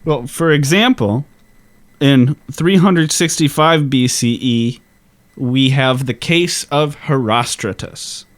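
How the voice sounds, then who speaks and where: A man in an ordinary middle pitch, walking through history in a relaxed, wry tone. He swears casually and keeps the chat loose. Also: takes it slowly. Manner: laid-back, profane, wry explainer. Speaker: podcast co-host.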